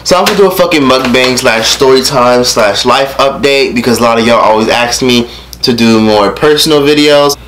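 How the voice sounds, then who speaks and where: A young man in his late teens talks at a medium pitch while eating in his room at home. He tells a casual mukbang story in a profane, ranting, animated way. He breaks off between sentences to chew and taste his food. A faint hiss sits behind his voice. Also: normal speed. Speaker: vlogger.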